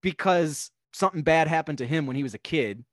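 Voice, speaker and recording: A young man on a podcast, casually talking through a film in a rambling, animated way. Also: a little high, fairly quick, dry recording, clean studio sound. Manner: rambling, animated, acts out characters' lines. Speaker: podcast guest.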